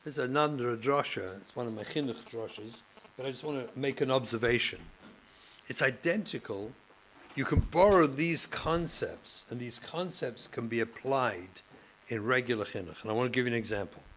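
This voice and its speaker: A man, a rabbi and therapist, giving a passionate lecture to educators, moving from loud emphasis to hushed speech. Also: mid-range voice, normal speed, slight background noise, low-quality recording. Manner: passionate, acts out classroom scenes, swings between loud and hushed.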